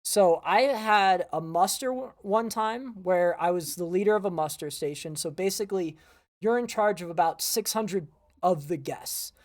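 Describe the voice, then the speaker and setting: A man co-hosting a podcast, explaining his old crew duties in a relaxed, casual way. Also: high-pitched, moderate pace. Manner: relaxed, many "um" fillers, laughs easily. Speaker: podcast co-host, former cruise ship sports staff. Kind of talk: casual storytelling chat.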